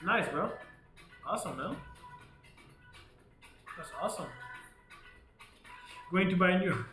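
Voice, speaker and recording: Man, trading stream host, energetic, slightly high voice, echoey room. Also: slow pace. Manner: energetic, repeats "guys", laughs often. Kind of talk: live trading commentary. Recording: echoey room with faint music.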